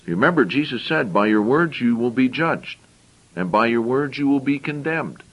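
Male preacher, mid-pitched voice, reads scripture then chats through it, repeats himself while thinking aloud. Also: lively intonation, normal speed, dull audio. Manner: reads verses aloud, then explains in plain conversational asides. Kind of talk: sermon with scripture reading.

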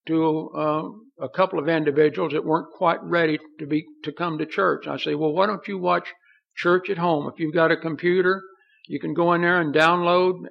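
A man's voice: fairly high pitch, creaky. A man preaching a sermon in an earnest, folksy way, reading scripture aloud. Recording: dull lo-fi recording.

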